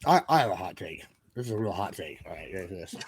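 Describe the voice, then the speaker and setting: Hoarse, brash debating man. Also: sits low, expressive, fast talker, slight background noise. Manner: brash, blunt, swearing. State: hoarse, lost his voice. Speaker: debate caller. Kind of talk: heated live stream debate.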